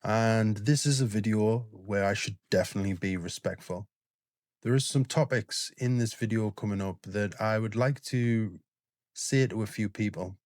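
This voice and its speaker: A British man talking straight to his viewers in a low, unhurried voice. He is gentle and sincere, circling back with fillers and restarts, and the sound is dry and close with no room around it. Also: no room sound. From Britain. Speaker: reaction channel host. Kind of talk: casual talk to camera.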